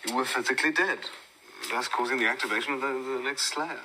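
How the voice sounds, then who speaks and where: A man voicing a stern, formal, middle-aged British mentor who explains gravely and measuredly. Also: mid-range voice, fairly even intonation, fast, bright, forceful tone, slight background noise, voice pushed up, low-quality recording. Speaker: podcast host quoting a character.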